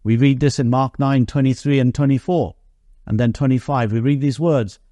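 A man preaching a sermon, reading Bible verses in an earnest voice that slows and lifts on the quoted lines. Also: mid-range voice, warm tone, no room sound.

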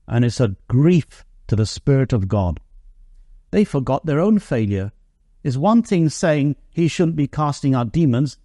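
A man's voice: fairly high pitch, warm tone, no echo, clean studio sound. Earnest male preacher reading scripture. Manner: earnest, slows and rises on quoted verses.

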